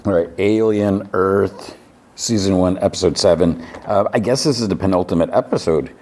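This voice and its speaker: A man's voice: deep voice, moderate pace, darkish tone. A man hosting a podcast, loosely recapping TV episodes with lots of fillers and restarts. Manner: rambling, many fillers and restarts. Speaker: podcast host.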